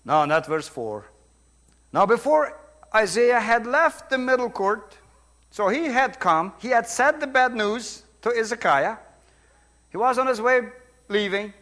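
A middle-aged man with a Brazilian Portuguese accent, a pastor preaching a sermon, emphatic, swinging between loud preaching and quiet asides. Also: very high-pitched, expressive, a little slow.

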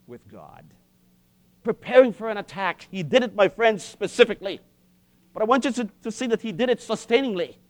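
A male preacher with a very high voice delivers a sermon with passion. He leans on dramatic pauses and repeated phrases. The sound is close and dry, with no room echo. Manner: impassioned, dramatic pauses and repetition.

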